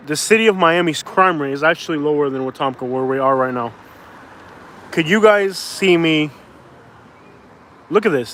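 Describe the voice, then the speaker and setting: A man's voice: a little high, a bit bright, a little hiss or hum. Rambling young man vlogging outdoors. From Florida. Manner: rambling, heavy use of "like", restarts. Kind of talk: casual walk-and-talk vlog. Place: outdoors on a street. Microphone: phone on a handheld stabilizer.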